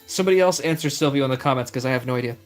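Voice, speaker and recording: A young man talks very fast at a medium pitch on a casual live stream, reading card names aloud as he opens packs and replying to his chat. Faint music plays behind him.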